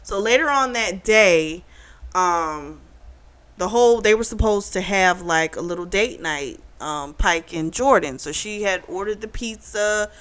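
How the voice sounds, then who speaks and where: A woman talks through a novel's plot in a relaxed, chatty way, as a book club vlogger would. Her voice sits at an ordinary middle pitch. She leans on fillers like "like" and "um" as she recaps each scene. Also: measured pace. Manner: animated retelling, acting out characters' lines with a raised pitch; chatty, peppered with "like" and "um".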